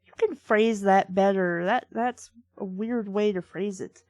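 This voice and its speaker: A woman's voice: medium pitch, a little slow, darkish tone, no echo. A woman reviewing a bad book aloud, exasperated and sarcastic as she picks apart its wording. Her voice sits mid-range and the recording is close and dry, with no room sound. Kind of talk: sarcastic book-reading commentary.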